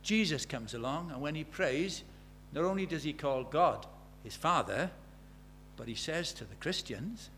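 Brief: male preacher, fairly high voice, lively delivery, chatty asides between loud bursts and hushed moments. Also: a little slow, a little hiss or hum. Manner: animated, swings from loud exclamations to quiet intimate tones; conversational, uses quoted dialogue and filler words. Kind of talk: sermon.

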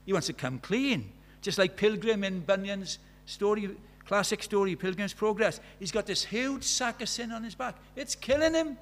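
A middle-aged Welsh man preaching a sermon, moving between loud declarations and quiet, hushed asides. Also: high-pitched, animated, moderate pace, hardly any pauses. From Wales.

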